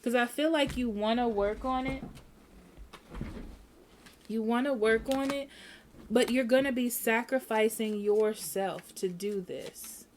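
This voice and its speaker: A woman's voice: a little high, measured pace, long pauses, a little hiss or hum. A woman giving a casual tarot reading at home, speaking frankly and repeating herself, often checking in with "okay?". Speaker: tarot reader.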